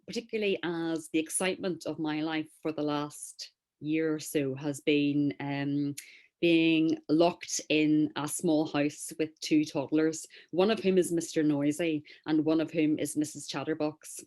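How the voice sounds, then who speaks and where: Northern irish woman on a video call, low voice, chatty, lots of ums, dry humor. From Northern Ireland. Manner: chatty, warm-humored, frequent fillers. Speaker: interview guest. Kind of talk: casual interview talk.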